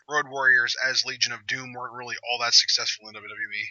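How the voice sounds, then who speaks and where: A man's voice: mid-range voice, level tone, fast talker, pushed and bright, no echo, dull audio. A young man hosting a live reaction chat who jabs at his co-host with dry, sarcastic teasing.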